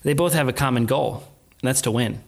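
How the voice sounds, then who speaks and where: A man casually retelling a book's plot in a chat, animated, quoting characters and laughing softly. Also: mid-range voice, brisk, creaky. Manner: animated retelling with quoted voices and soft laughs.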